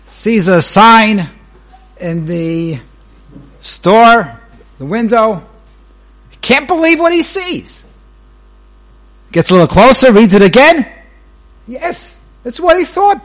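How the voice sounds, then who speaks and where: High-voiced, slow-speaking rabbi lecturing. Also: male voice. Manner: unhurried, pausing between short phrases; animated storyteller whose pitch leaps while telling a joke. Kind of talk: Torah lecture opening with a joke.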